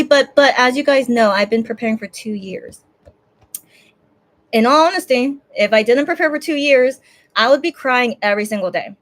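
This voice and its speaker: A woman's voice: a little high, moderate pace, a bit bright. A woman streamer talking casually and tearfully to her viewers, rambling with many restarts and fillers. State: teary, on the verge of crying. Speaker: streamer hosting a fan watch party. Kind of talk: emotional casual chat.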